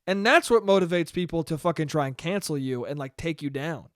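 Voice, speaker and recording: Casting: male solo podcaster, high, smooth voice, swears freely, rambles and puts himself down. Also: fairly quick, no echo, studio quality. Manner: profane, rambling, self-deprecating. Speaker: podcast host. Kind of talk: solo casual podcast rant.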